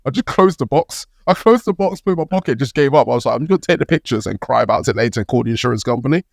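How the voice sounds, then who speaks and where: A young British man, a podcast co-host, telling a story in an animated, casual way, laughing and swearing as he goes. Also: medium pitch, very fast, gravelly, dry recording, studio quality.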